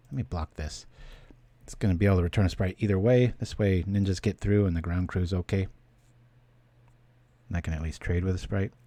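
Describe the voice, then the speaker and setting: A man's voice: low-pitched, mellow, dry recording. A man giving casual, chatty commentary while he plays a card game on stream, thinking aloud and thanking viewers.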